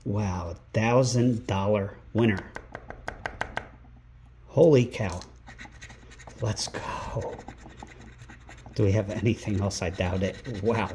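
A man hosting a scratch-ticket vlog indoors at a rental home, calling out numbers one by one and breaking into excited exclamations. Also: fairly low pitch, takes it slowly, pauses often, a little hiss or hum. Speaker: scratch-ticket channel host. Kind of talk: casual vlog narration while scratching tickets.

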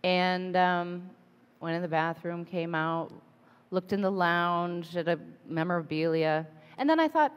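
A woman pastor in her forties giving a conversational sermon, telling a personal story with lively asides. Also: fairly low pitch, moderate pace, smooth. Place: church sanctuary. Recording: long reverb of a church hall.

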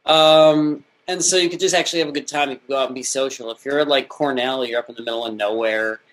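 A man in his thirties, a podcast guest telling stories in casual chat, often trailing off into quiet asides. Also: medium pitch, fairly even intonation, fast, rough recording. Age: 30s.

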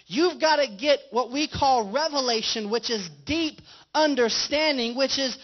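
A man's voice: extremely high pitch, unhurried. A male pastor preaching a conversational sermon in a church and putting questions to his congregation. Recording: dull lo-fi livestream audio.

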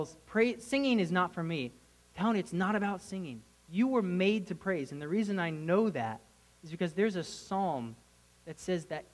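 A man preaching a casual, conversational sermon to a congregation, bursting into excited shouts. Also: high-pitched, rough recording.

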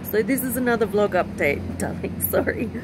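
A woman giving a personal vlog update, talking in an emotional, halting and rambling way. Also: medium pitch, expressive, very noisy. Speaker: vlogger. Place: outdoors with passing aircraft.

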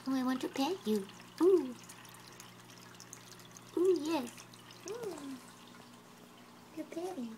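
Woman cooing baby talk, high n slow, mellow, faint noise behind. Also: lively intonation.

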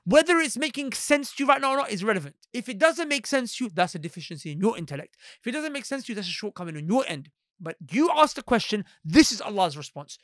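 A man's voice: very high-pitched, fast, few pauses, no room sound, clean studio sound. A man giving a Quran lesson, acting out quoted voices and asking his listeners questions. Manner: animated, acts out quoted voices; asks the listeners rhetorical questions. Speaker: Islamic teacher.

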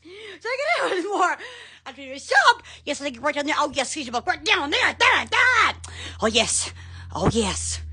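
A woman's voice: very high-pitched, sing-song, normal speed, bright, forceful tone. A woman hosting a casual live stream from her phone at home, gushing, laughing often and exclaiming over and over. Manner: repeated exclamations. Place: indoors at home.

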